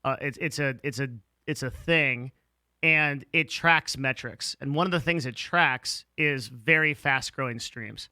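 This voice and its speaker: A man's voice: medium pitch, a little slow, bright, forceful tone, clean tone, no echo. A man hosting a casual interview, talking with energy and emphasis in slangy speech with swearing.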